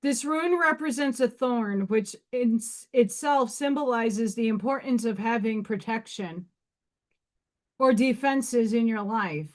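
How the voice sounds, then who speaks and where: A woman's voice: on the high side, a little slow. A woman in her thirties hosting a casual livestream, chatting bluntly and reading rune meanings aloud. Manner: blunt, swearing, laughing asides. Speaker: livestream host.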